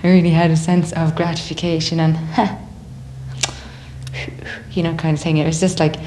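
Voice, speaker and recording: A young woman with an Irish accent and a low voice. She talks freely and animatedly in a casual interview, slipping into other people's voices as she tells stories. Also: normal speed, slight background noise. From Ireland. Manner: chatty, animated, acts out others' voices in quotes. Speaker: singer in a band.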